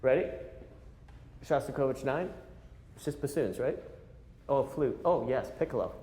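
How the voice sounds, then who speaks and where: A man running a clarinet masterclass in a large recital hall keeps things animated, cracking jokes and counting players in as he coaches. He speaks at normal speed with a medium pitch, and the audio has a roomy hall sound and faint ambience.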